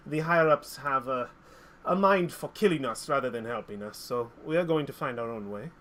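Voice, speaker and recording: A man voicing a grateful woman mercenary captain, in an earnest, halting way. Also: mid-range voice, a bit bright, pitched below the performer's own voice, lightly acted.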